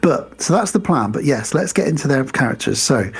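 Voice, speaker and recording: A man's voice: mid-range voice, animated, a little fast, slightly rough. A man co-hosting a podcast, casually retelling film scenes with lots of fillers. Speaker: podcast co-host. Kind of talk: casual film-review chat.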